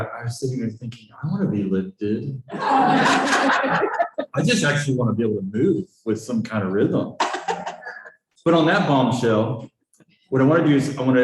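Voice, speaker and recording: A man's voice: mid-range voice, expressive, normal speed. A man leading a church group session, encouraging people to share at their tables in a loose, chatty way. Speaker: church leader leading a discussion. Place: church hall. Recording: echoey church hall with faint noise.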